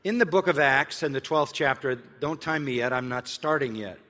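An older man preaching a sermon, telling a personal story in an earnest way and slowly spelling words out letter by letter. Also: mid-range voice, pushed and bright, big-room sound, a little hiss or hum. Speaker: pastor.

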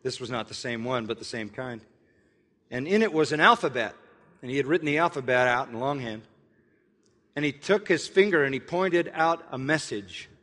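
An older man preaching a sermon, telling a personal story in an earnest way and slowly spelling words out letter by letter. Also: medium pitch, expressive, fairly bright tone, big-room sound. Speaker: pastor.

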